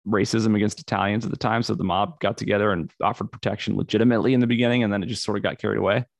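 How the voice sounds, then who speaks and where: A man with a fairly low, gravelly voice talks as a podcast guest, laid-back and crude in casual chat. The recording is dry and close. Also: fairly even intonation, racing, no room sound.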